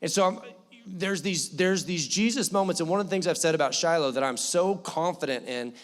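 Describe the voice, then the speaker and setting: Young pastor in an echoing church hall, animated, joking storyteller, somewhat high voice. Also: male voice, brisk. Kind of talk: sermon.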